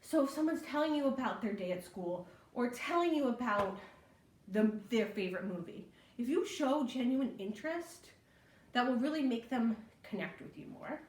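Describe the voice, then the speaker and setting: This young woman, a library program instructor, leads a chatty online babysitting class in casual teaching style, full of ums and "right?". Her voice is high-ish, darkish in tone and lively at normal speed, heard far from the mic in an echoey room.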